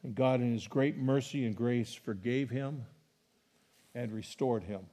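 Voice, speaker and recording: A man's voice: mid-range voice, a little slow. A middle-aged man preaching a sermon as a pastor, reading scripture with rising emphasis and chatting to the congregation between passages. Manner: animated preaching, rising loud on scripture quotes.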